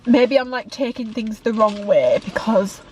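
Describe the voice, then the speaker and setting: A woman's voice: on the high side, lively intonation, a little slow, darkish tone, lo-fi sound. A young woman, talking candidly in a chatty vlog about her work as a fitness coach and creator, rambling with lots of "like". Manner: candid, rambling, heavy use of "like".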